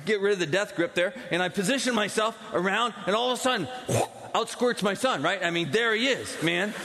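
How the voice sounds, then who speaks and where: A man in his forties preaching a sermon, telling stories in an animated way and swinging between loud excitement and hushed intensity. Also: high-pitched, brisk. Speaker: pastor. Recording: long hall reverb.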